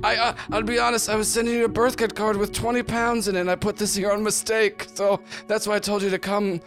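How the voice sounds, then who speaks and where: A man voicing a sweet, doting elderly grandmother, with a high, quavering old-lady voice and a fussy, chuckling manner. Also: flat delivery, fairly quick, fairly bright tone, soft background music. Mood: chatty, fond.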